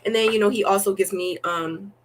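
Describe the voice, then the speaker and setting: A young woman talks with easy, animated energy as an interview guest, voice sitting at a middle pitch. She tells her stories with many "like" fillers and slips into voices for the people she quotes. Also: brisk, soft background music. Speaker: dating show guest. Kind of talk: casual interview chat.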